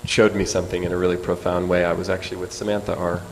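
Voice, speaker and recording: A man in his forties, a guest speaker, telling an animated personal story in a sermon. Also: deep voice, quick pace. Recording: echoey hall with faint hum.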